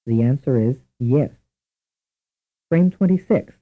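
Male instructor, husky, deliberate narration with a lively pitch for a tinny old taped language course. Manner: measured, deliberate, spells out each question and answer. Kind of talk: scripted language lesson narration. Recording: tinny lo-fi old tape recording.

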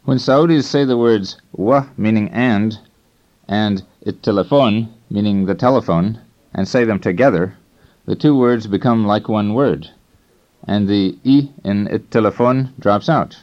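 A man with a fairly low voice reads scripted instructions for a language course in a measured, explanatory way. The recording is dull and lo-fi, like an old course tape. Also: a little mellow.

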